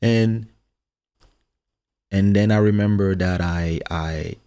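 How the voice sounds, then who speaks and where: Deep, gravelly-voiced man from Congo. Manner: relaxed, halting storytelling with fillers. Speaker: musician hosting a livestream. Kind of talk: casual storytelling chat. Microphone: studio microphone.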